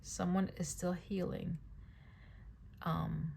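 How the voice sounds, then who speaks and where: A woman's voice: on the low side, little pitch movement, takes it slowly, creaky, warm tone, slight background noise. A woman giving a casual tarot reading. She talks in a chatty way, repeats phrases, and keeps checking in with "right?" and "okay?". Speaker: tarot reader.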